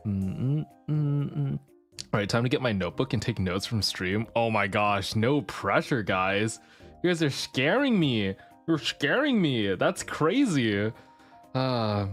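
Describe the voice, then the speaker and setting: Lively, excitable young streamer greeting chat in a casual livestream, with a widely swinging voice. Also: mid-range voice. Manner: excitable, repeats phrases, talks to chat.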